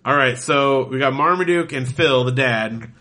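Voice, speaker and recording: A man's voice: medium pitch, normal speed, bright, forceful tone. A man co-hosting a casual comedy podcast, walking through a comic strip panel by panel with bemused asides. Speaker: podcast co-host. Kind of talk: reading a comic strip aloud in casual chat.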